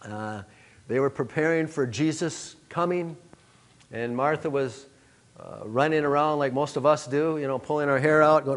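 A man preaching a sermon to a congregation, earnest and emphatic, often pausing with "uh". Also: fairly high pitch. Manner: earnest, emphatic, many "uh" fillers. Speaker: pastor.

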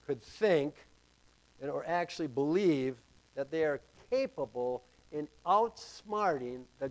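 A man preaching a sermon to a congregation, slow and emphatic, with dramatic rises in pitch and volume. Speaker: pastor.

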